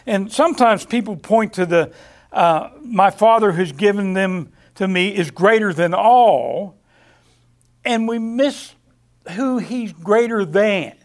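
Male preacher, high voice, halting delivery with repeated words, scripture-reading cadence. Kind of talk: Bible study sermon.

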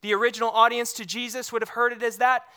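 Bright-voiced pastor preaching conversationally. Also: mid-range voice, little pitch movement, fast, clear, resonant tone. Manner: conversational, checks in with the congregation using rhetorical questions. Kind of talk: sermon.

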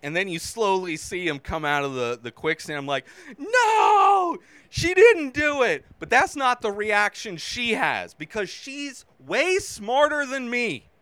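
A man hosting a movie review show in a bright, smooth, fairly high voice. He talks at an unhurried pace but swings widely in pitch, bursting into shouts as he acts out his own reactions. The sound is dry and close. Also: very animated, dry recording. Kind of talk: casual spoken movie review.

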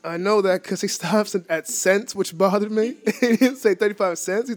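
A man in his sixties telling funny everyday anecdotes in a relaxed, casual chat, laughing often as he talks. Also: high-pitched, moderate pace, hardly any pauses. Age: 60s. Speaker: guest telling stories. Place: lives in a Boston neighborhood.

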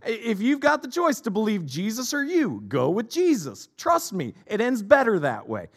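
A man's voice: high voice, wildly swooping pitch, moderate pace. A middle-aged man preaching a sermon as a pastor, emphatic and repetitive in his delivery.

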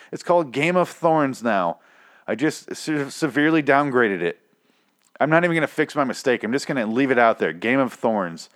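A man hosting a casual show, rambling and swearing with exasperation, his voice hoarse and nearly shot. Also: mid-range voice. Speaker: podcast host. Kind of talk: casual rant about a TV show.

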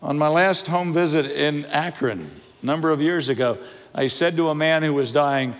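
An older man delivers a sermon, his voice sitting somewhat high for a man. He preaches with lively storytelling, jokes and questions put to the congregation. The sound carries a long reverb from a large church hall. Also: normal speed. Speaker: pastor. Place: church sanctuary.

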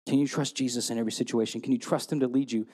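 A man preaching a sermon, telling stories and retelling scripture in a lively storytelling way. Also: mid-range voice, very fast, slightly rough, long reverb tail. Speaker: pastor.

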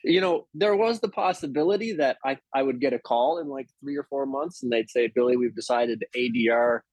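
A male actor telling stories in a casual interview, animated and often restarting his sentences. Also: medium pitch, a little fast, no echo. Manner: anecdotal, animated, with frequent restarts.

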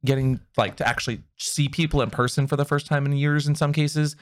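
A man co-hosting a podcast in casual chat, excitable and animated, laughing often. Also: on the high side, a little fast, no room sound, studio quality. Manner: bangs on the table while talking. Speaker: podcast co-host.

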